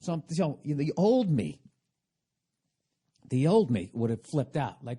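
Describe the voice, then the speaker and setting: A man's voice: on the high side, very animated, brisk, dark tone, breathy edge. A man hosting a podcast, talking in a rambling, profane, sarcastic comedic monologue. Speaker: podcast host.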